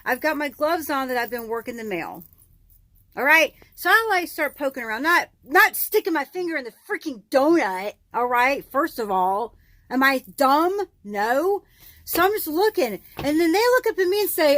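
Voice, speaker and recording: A woman who works as a mail carrier, telling a chatty vlog story and growing animated and incredulous as she vents. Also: high voice, moderate pace, no room sound. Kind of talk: casual daily vlog chat.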